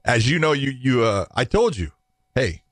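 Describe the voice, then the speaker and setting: A man in casual podcast chat tells stories from refereeing, acting out quoted exchanges and cursing along the way. His voice sits at a middle pitch. The mic is close and dry. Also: sing-song, normal speed, fairly bright tone, dry recording. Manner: storytelling, acts out quoted exchanges, profane. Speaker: MMA referee talking shop.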